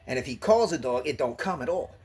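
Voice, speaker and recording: A man's voice: medium pitch, lively intonation, fast talker, a little mellow, breathy edge. A man talking casually to the camera in a blunt, profane rant, laughing now and then. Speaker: vlogger. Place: gym locker room.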